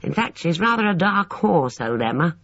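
A reader voicing a chatty, cheerful young Englishman who rambles eagerly, in a husky voice. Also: mid-range voice, big pitch swings, normal speed, fairly bright tone, no echo, muffled recording, pitched above the performer's own voice. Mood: breezy.

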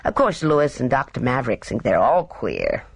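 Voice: medium pitch, huge pitch swings, moderate pace, creaky, slightly rough, no echo, full character voice. A reader voicing a cheerful, careless young woman who chatters in airy, slangy upper-class talk. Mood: breezy.

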